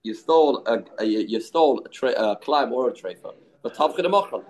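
A man's voice: medium pitch, expressive, rough recording. Man arguing through a Talmud lesson. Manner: quick back-and-forth argument mixing English with Aramaic and Yiddish terms. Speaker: Talmud teacher. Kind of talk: daf yomi Talmud lesson.

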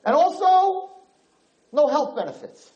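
A man's voice: very high voice, sing-song, measured pace, a little mellow, roomy sound, lo-fi sound, voice pushed up, exaggerated voice. A man voicing an aggrieved young male worker, the lost prince, who whines through a list of grievances. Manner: whiny, listing grievances.

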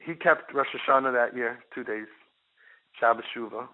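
A man's voice: mid-range voice, normal speed. Man telling a story over a tinny line. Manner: animated storyteller, repeats words for emphasis. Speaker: parenting guide telling a case story. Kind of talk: storytelling talk. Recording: tinny phone-line sound.

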